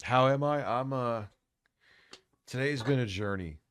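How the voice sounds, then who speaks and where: A man in his forties rants crudely on a late-night livestream while reacting to a video, swearing constantly and sounding stressed and worn out. His mid-range voice is unhurried, and the background is noisy.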